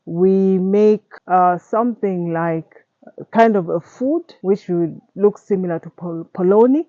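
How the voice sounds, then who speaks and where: A woman's voice: medium pitch, a little mellow, no room sound. A Zambian woman hosting a casual home cooking demonstration, chatty and with frequent fillers. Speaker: cooking show host. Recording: dull lo-fi home recording.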